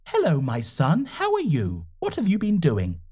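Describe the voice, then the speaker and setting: A man's voice: fairly high pitch, huge pitch swings, normal speed, noisy background, pitched above the performer's own voice. A man doing a fussing, anxious mother. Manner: fussy, anxious questions. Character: worried caring middle-aged mother on the phone.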